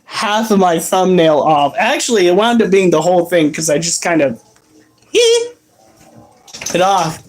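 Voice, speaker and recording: A woman's voice: fairly low pitch, big pitch swings, a little slow, long pauses, a little mellow. A woman hosting a pet video, telling crude, laughing stories in casual chat. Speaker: pet channel host.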